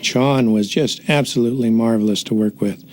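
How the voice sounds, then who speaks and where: A man interviewed for a documentary, praising a colleague in short, halting phrases. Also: mid-range voice, fairly even intonation, over music.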